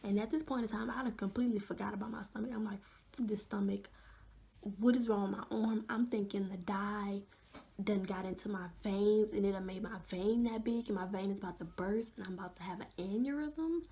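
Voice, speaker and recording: A young woman vlogger telling an animated story with many fillers, often dropping to a hush. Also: mid-range voice, brisk, vocal fry. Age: young adult. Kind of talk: storytime vlog.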